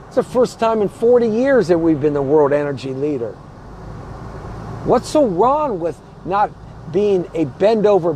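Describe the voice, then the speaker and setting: High-voiced man ranting over traffic noise. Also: darkish tone, poor audio. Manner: emphatic, hammering rhetorical questions; blunt and combative. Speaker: show host. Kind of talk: political commentary rant.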